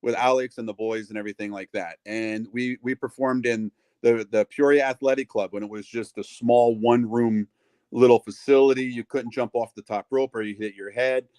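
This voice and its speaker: Middle-aged male ring announcer, mid-pitched, dry close sound, gabby storyteller. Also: fairly even intonation, normal speed, a little mellow, clean tone, no room sound. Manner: chatty, acts out quoted voices, lots of fillers. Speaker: wrestling ring announcer, guest. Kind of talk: casual storytelling interview.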